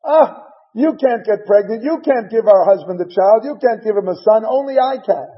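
A man's voice: sits high, expressive, normal speed, breathy edge, in a large hall, lo-fi sound. A man voicing a rival wife who mockingly taunts another woman. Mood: taunting.

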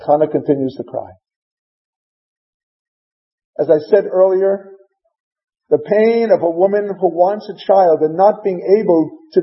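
A man preaching a sermon, retelling scripture as a story and mixing in Hebrew terms. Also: sits high. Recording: dull lo-fi recording.

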